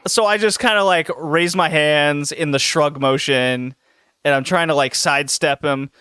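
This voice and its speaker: A man hosting a podcast, telling a story in a casual, animated way with lots of laughs and restarts. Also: fairly high pitch, normal speed, clean tone, dry recording, clean studio sound. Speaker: podcast host.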